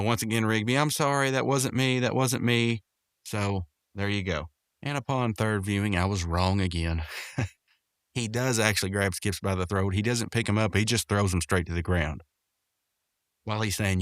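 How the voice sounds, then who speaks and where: A man hosting a podcast, casually recapping a cartoon episode, rambling and jumping into higher voices to act out the characters' lines. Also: fairly bright tone, no room sound, clean studio sound. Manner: rambling, acts out quotes in raised voices. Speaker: podcast host.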